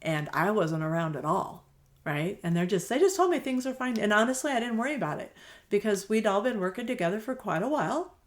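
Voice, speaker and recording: A woman's voice: medium pitch, expressive, a little fast. A middle-aged woman, a quilt shop owner, chatting as a guest on an interview podcast, telling stories and acting out the dialogue. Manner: chatty storyteller, acts out quoted dialogue, laughs easily. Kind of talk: casual conversational interview.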